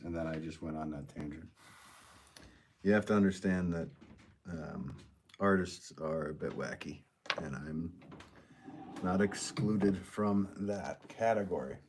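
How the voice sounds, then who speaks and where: A man's voice: deep voice, a little slow, pauses often, noisy background. A man hosting a live pottery stream from his studio, rambling and joking as he reads out viewer comments while he works. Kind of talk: casual live-stream chat.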